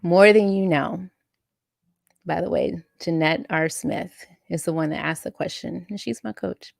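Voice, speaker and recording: A woman's voice: lowish voice, unhurried, vocal fry, dry recording, clean studio sound. A woman hosting a casual live chat and reading out viewer comments, emotional and laughing often. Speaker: live-stream host and coach.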